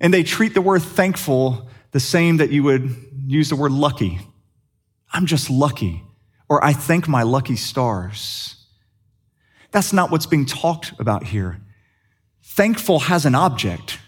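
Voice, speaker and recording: A middle-aged man preaches a sermon, talking to his congregation like a friend and tossing them questions. His voice sits slightly high and rises and falls with plenty of life, leaning into jokes as he goes. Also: lively intonation, unhurried, slightly rough. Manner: conversational, humorous, asks the congregation questions. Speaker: pastor.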